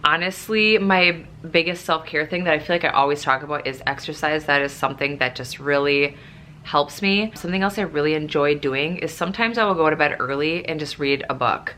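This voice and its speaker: A woman's voice: low voice, fairly quick, bright, forceful tone, a little hiss or hum. A young woman chatting through a casual Q&A vlog, emotional and close to tears at times, with lots of fillers. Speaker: nurse and vlogger.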